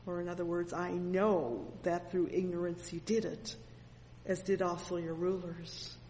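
Slow, fervent woman preaching in a hall. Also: on the low side, fairly even intonation, mellow, a little hiss or hum. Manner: fervent, frequent exclamations of "oh" and "amen". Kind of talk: sermon. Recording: long hall reverb with faint ambience.

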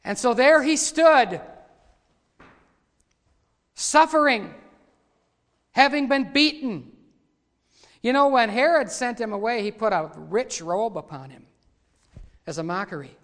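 Dramatic preacher in a reverberant hall. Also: male voice, very high-pitched, expressive, slow pace, long pauses. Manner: dramatic retelling, voices quoted lines louder. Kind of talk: sermon.

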